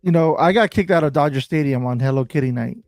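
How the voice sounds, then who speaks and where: A man telling a story in casual chat, full of slang and swearing, and animated as he recounts it. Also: on the high side, fast talker, no echo, clean studio sound. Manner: animated and laughing while recounting. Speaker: bobblehead collector telling a story.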